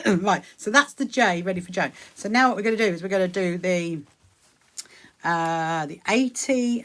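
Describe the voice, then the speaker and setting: A woman's voice: mid-range voice, fairly bright tone. A woman hosting a casual sewing livestream from her home sewing room. She chats in an upbeat way, greets viewers by name and laughs often. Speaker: livestream host. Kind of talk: casual live-stream chat while sewing.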